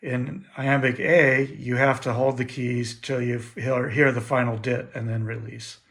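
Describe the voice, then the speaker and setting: A man at his home radio station giving a casual how-to demonstration, explaining in a relaxed way with frequent fillers. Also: mid-range voice, a little slow, creaky. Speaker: ham radio operator explaining iambic keying. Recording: echoey room with audible background noise.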